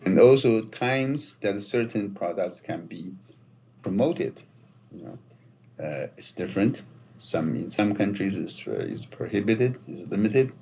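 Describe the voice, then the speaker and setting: A man's voice: fairly low pitch, lively intonation, measured pace, vocal fry, mellow. A man giving a conversational marketing lecture, often checking in with his listeners. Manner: conversational, often tags phrases with "right?" and "okay?". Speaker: marketing professor. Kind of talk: classroom lecture. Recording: dull lo-fi lecture recording with faint noise.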